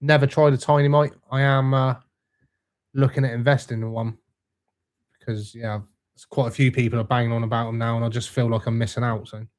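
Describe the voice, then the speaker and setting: Young man, laid-back matey live-stream host, mid-pitched, casual. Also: level tone, brisk. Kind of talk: casual live chat reading comments.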